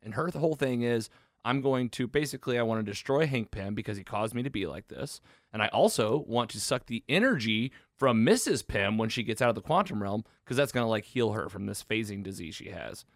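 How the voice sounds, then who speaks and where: A man's voice: lowish voice, expressive, a little fast, no room sound, clean studio sound. A man hosting a podcast, casually recapping a movie plot with enthusiasm and lots of fillers. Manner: enthusiastic, rambling with fillers and restarts. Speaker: podcast host reviewing a film.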